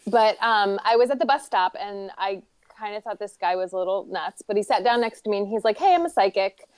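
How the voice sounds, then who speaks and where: A woman's voice: medium pitch, brisk, clear, resonant tone, dry recording. A woman on a livestream panel, telling a story in an earnest, rambling way. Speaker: panel guest. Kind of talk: casual livestream chat.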